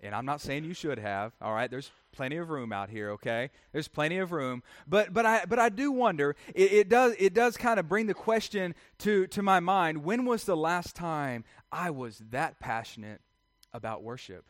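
A man's voice: on the high side, animated, normal speed, dry recording, studio quality. A man preaching a sermon in church, conversational and full of rhetorical questions. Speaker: pastor.

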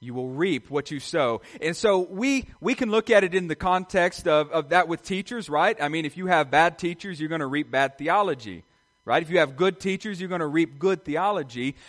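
A middle-aged man preaching a sermon in an earnest, repetitive way. His voice sits a little higher than most men's, and he keeps checking in with the congregation through rhetorical questions. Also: lively intonation, normal speed, a bit bright. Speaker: pastor.

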